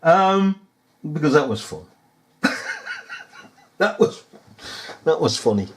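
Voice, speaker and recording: A man's voice: a little high, big pitch swings, slow pace, slight background noise. A man ranting in a rambling monologue, mocking and chuckling as he talks.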